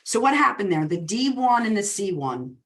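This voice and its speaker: A woman's voice: medium pitch, normal speed. A woman coaching real estate agents in a webinar talk, telling personal stories and acting out the dialogue in them. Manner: lively storyteller who acts out quoted dialogue. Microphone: webinar recording.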